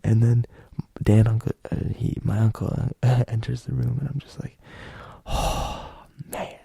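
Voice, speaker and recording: Young guy rambling thru a story, super gravelly and husky, swears a lot. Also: mid-range voice, little pitch movement, normal speed, dark tone, dry recording. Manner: rambling, profane, loose delivery with many fillers. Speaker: podcast host. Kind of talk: casual storytelling.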